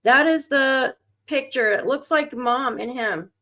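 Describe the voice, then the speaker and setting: A high, bright, pushed voice at a measured pace belongs to a woman livestreaming about a missing child. Nervous and unsteady, she talks to herself as she looks for any news.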